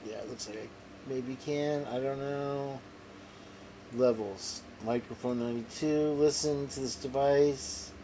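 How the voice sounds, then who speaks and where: A man's voice: medium pitch, steady tone, a little slow, mellow, a little hiss or hum. A man commenting on a video as a reaction host, with incredulous asides and laughter. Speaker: reaction streamer.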